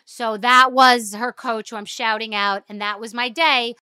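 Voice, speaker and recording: A woman's voice: fairly high pitch, steady tone, normal speed, few pauses, bright, forceful tone, clear, resonant tone. A middle-aged woman host telling a rambling, self-deprecating story with swearing, in casual rant style. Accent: New York. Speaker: podcast host.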